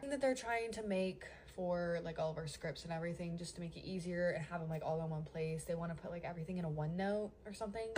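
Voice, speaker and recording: A woman's voice: lowish voice, fast talker, few pauses, a little mellow, a little hiss or hum. A young woman venting about her call center job in a casual vlog, full of "like" fillers.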